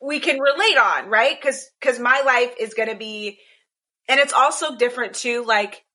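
Woman rambling on a call, bright tone, kinda high. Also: moderate pace. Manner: rambling, many restarts and "like". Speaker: podcast co-host. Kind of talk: casual chat. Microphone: video call.

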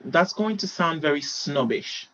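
A woman's voice: low-pitched, a little slow, no echo. A young adult woman from Europe, a podcast guest, candidly telling dating stories and animatedly acting out old conversations. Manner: animated, acts out past conversations, laughs often. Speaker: anonymous guest. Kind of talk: candid personal storytelling. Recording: dull lo-fi sound.

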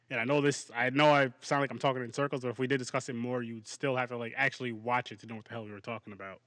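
A man hosting a podcast, chatting casually about a movie in a rambling, animated way and laughing often. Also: medium pitch, no room sound, studio quality. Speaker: podcast host. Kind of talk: casual movie review chat.

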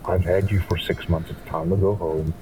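Man doing a flustered pirate captain, real deep, mumbly and rushed, far off mic. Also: fairly even intonation, dark tone, natural voice. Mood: wistful. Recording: distant mic with faint background noise.

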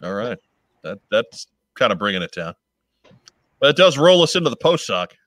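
A man's voice: mid-range voice, very animated, moderate pace, fairly bright tone, dry recording. A man co-hosting a casual podcast, upbeat, reading listener letters aloud. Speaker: podcast co-host.

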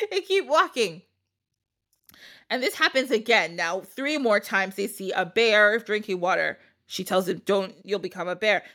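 Retelling a folk tale for her podcast, a woman chats in a loose, storytelling style, laughing a lot and sprinkling in slang. Her voice is mid-range and a touch bright.

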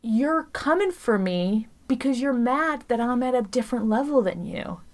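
A woman's voice: fairly high pitch, expressive, moderate pace. A woman co-hosting a podcast, telling a story in casual chat with lots of "like" and frequent laughter. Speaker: podcast co-host.

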